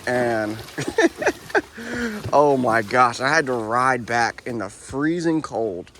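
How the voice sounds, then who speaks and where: A man's voice: medium pitch, very animated, takes it slowly, sharp tone. A young man in his twenties, a horse trainer, talking in a laid-back, rambling, reflective way while riding outdoors on a wooded trail. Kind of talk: casual vlog narration while riding. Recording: faint outdoor noise.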